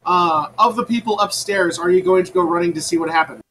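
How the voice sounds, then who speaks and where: A man narrating as game master of a tabletop game, pausing often with ums and uhs. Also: high voice, a bit bright, slight background noise, rough recording. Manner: halting, with many ums and uhs.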